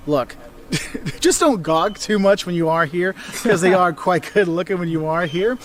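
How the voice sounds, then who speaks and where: Man, travel presenter, high voice, lively, jokey, outdoors in a city. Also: normal speed. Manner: lively, animated, jokey, exaggerated asides. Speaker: travel vlogger. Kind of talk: presenting a travel video to camera.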